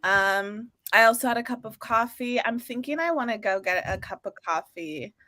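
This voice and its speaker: A woman with a fairly high, bright voice co-hosts a live stream in easy, chatty talk full of fillers. The sound is dry and close, as on a video call. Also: lively intonation, moderate pace, no room sound. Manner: chatty, upbeat, frequent fillers. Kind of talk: casual chat. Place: home or office, working from New York.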